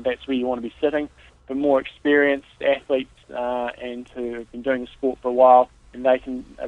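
A man co-hosting a casual podcast as a triathlon coach, patiently giving steady, practical training advice. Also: mid-range voice, dry recording. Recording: tinny phone-like line, dry.

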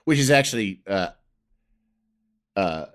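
Animated, rambling middle-aged man. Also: lowish voice, slow pace, a little hiss or hum. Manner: animated, rambling, swears freely, lots of fillers. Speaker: talk show sidekick, podcast host. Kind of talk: casual chat, storytelling.

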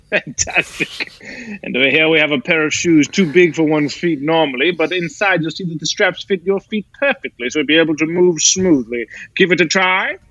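An improv actor playing a showy, overeager gadget designer who pitches his props like a salesman. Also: moderate pace, fairly bright tone, poor audio. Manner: enthusiastic salesman patter.

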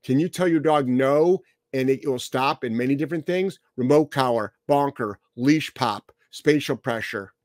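A man's voice: medium pitch, normal speed, hardly any pauses, a little mellow, no room sound, clean studio sound. A man hosting a podcast as a dog trainer, answering listener questions in a blunt, emphatic, profane way.

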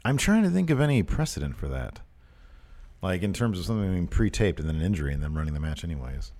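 A man's voice: deep voice, sing-song, fast, warm tone. A man co-hosting a casual podcast, chatting and reading out listener questions with emphasis. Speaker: podcast co-host. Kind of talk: casual wrestling podcast chat.

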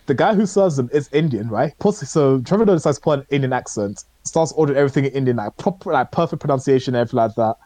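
A man's voice: mid-range voice, expressive, fast, hardly any pauses, warm tone, no echo. A man co-hosting a podcast, chatting casually about shows he watched, rambling and hesitant with many fillers. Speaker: podcast co-host. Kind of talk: casual chat reviewing shows.

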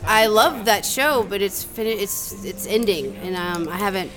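A woman's voice: medium pitch, expressive, measured pace, over music. A woman co-hosting a casual chat, curious and full of questions. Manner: curious, asks lots of questions. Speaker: co-host.

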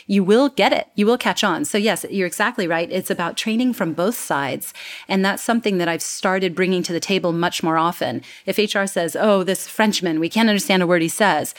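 An American woman in her thirties, an accent coach, explaining in an animated, lively way during an interview. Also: mid-range voice. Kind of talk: interview conversation.

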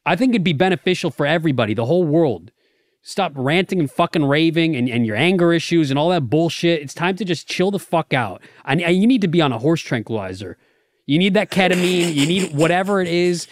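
A man's voice: fairly high pitch, lively intonation, fairly quick, no room sound, clean studio sound. A man co-hosting a podcast, teasing his partner in profane, mock-serious banter. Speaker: podcast co-host.

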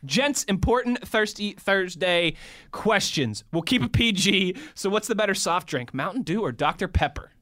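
A man hosting a sports talk show with a bright, forceful voice sitting a bit high. He moves briskly through breaks, plugs and listener questions. The delivery is upbeat and easy. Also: animated. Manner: smooth and upbeat, reads plugs and segment cues.

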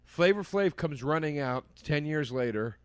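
A man's voice: a little high, animated, normal speed, smooth, dry recording. A man telling a long story to his podcast co-host, laughing often and quoting people in his own voice. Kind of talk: casual chat, storytelling.

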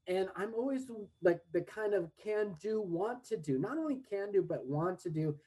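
A man's voice: high voice, lively intonation, normal speed, mellow, breathy edge, poor audio. An American man in his forties, a guest and English teacher, chatting casually in an upbeat, rambling way and laughing often. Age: 40s. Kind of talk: casual interview chat.

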